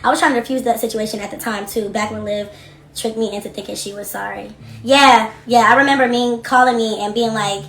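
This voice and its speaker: A young adult woman hosting a casual livestream from her home office, reading comments and talking in a blunt, profane, animated way. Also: fairly high pitch, fairly quick, echoey room, faint music behind. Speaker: livestream host.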